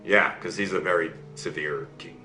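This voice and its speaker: A man telling a fairy tale to listeners in an animated way, often checking in with them as he goes. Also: low voice, normal speed, reverberant, faint music behind. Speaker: storyteller.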